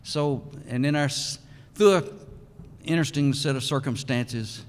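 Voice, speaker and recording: An older man, giving a folksy, halting acceptance speech as a hall of fame inductee. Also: mid-range voice, a little hiss or hum. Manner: folksy, halting storyteller with many pauses. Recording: long reverb of a large hall.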